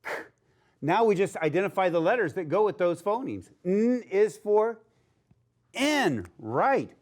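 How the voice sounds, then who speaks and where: Casting: upbeat male phonics teacher for kids, slow and animated. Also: high voice. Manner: slow, sounding out letters, upbeat and encouraging. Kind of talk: phonics lesson for young children.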